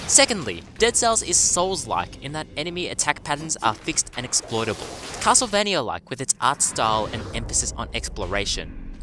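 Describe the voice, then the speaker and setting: A man's voice: mid-range voice, very animated, a little fast, few pauses, background noise. Sardonic man narrating a review. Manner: dry, sardonic delivery. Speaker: game reviewer. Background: music.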